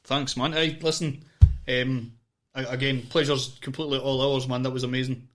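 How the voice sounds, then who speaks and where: A man's voice: mid-range voice, level tone, normal speed, a bit bright. Laid-back Fife Scottish man. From Fife, Scotland. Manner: laid-back, laughing, swearing. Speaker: podcast co-host. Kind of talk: casual podcast chat.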